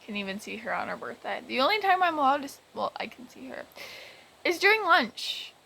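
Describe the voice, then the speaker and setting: A woman's voice: high voice, sing-song, brisk, gravelly, bright, forceful tone, low-quality recording. A woman vlogger retelling a game story in a rambling, exasperated way, with many restarts. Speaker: gaming vlogger. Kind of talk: casual storytelling about a game.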